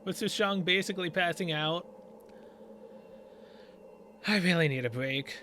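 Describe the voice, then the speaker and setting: High-voiced man ranting over gameplay. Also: a little slow, sharp tone, slight background noise. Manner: exasperated ranting, sarcastic. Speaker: gamer playing through a story game. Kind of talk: let's play commentary. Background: game music.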